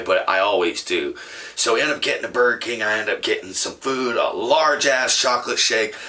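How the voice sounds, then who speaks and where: Young male podcaster, rambling storyteller, bright and punchy, lots of cursing and laughter. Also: medium pitch. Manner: rambling, profane, laughs often. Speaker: podcast host. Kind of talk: casual storytelling.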